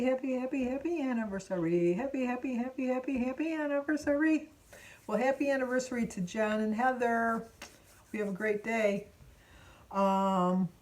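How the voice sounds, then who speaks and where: A woman's voice: lowish voice, darkish tone. A woman in her sixties from Michigan, chatting casually to her viewers and telling rambling family stories, often stopping to correct herself. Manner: rambling, self-correcting storyteller. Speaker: vlogger. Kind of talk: casual chat.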